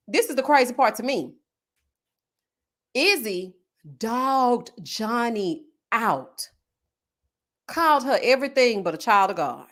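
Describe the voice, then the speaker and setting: Sassy laughing woman with lively pitch. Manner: sassy, laughs a lot, drawn-out "oh, honey" asides; southern US slang such as finna, y'all, child. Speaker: livestream host reading viewer comments. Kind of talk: casual reality-TV recap chat.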